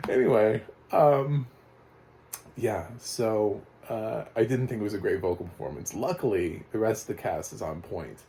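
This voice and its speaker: A man giving a casual, rambling spoken movie review, chatty and quick to laugh. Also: lowish voice, warm tone, slight background noise.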